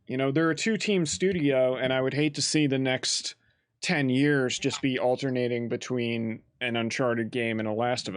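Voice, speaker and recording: A man co-hosting a casual podcast chat, animated, laughing often and swearing casually. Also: mid-range voice, dry recording. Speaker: podcast co-host.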